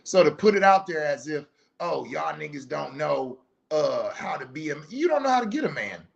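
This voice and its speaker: Middle aged guy w a highish voice, host ranting and preaching, cusses a lot, blunt. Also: big pitch swings, normal speed, creaky, lo-fi sound. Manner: blunt, profane, preachy, storytelling. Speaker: podcast host. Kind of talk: casual monologue, commentary.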